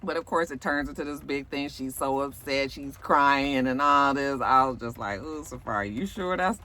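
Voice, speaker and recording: A woman's voice: very deep voice, normal speed. A woman hosting a casual reality TV recap, sassy and profane, acting out what people said. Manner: sassy, animated, profane storytelling; acts out quotes in shifting voices.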